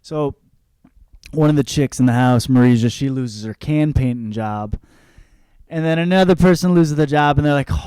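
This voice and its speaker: A man's voice: on the high side, normal speed, a little mellow, clean tone, no echo, clean studio sound. A young man hosting a podcast, giving a casual book review, swearing freely and acting out the characters' lines. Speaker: podcast host.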